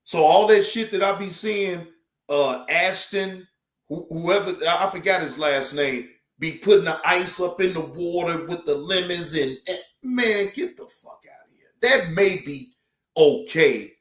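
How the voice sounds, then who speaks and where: Male live-stream host, high-pitched, animated and profane, roomy sound. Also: a little slow. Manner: animated, loud laughter, profane. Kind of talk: casual live-stream chat.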